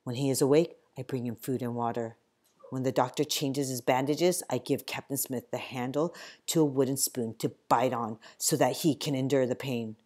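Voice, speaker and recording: Woman, audiobook reader, very low voice, measured storybook narration. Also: fairly even intonation, mellow. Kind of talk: first-person storybook narration.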